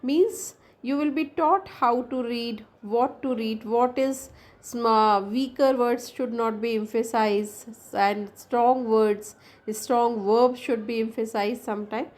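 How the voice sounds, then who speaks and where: Indian english lady teacher, kinda high voice, lots of uh and restarts, lecture style. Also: fairly even intonation, slow pace, darkish tone. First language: Hindi. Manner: explains with many fillers and restarts, switches into Hindi. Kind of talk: classroom lecture.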